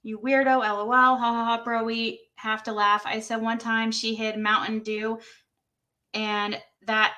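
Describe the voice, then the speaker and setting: A woman reading screenshots of text messages to her livestream audience. She speaks slowly, in a bright and slightly high voice. She keeps stopping to react with exclamations and laughs. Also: level tone. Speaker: livestream host. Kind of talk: reading texts aloud on a livestream.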